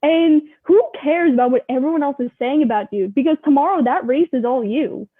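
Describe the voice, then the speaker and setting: A young woman with a high, bright-pitched voice tells stories in an animated rush, peppering every sentence with "like." She sounds thin and tinny, as if she is coming through a phone-line call. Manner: animated, rapid storyteller, full of "like". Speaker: guest. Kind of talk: casual interview storytelling.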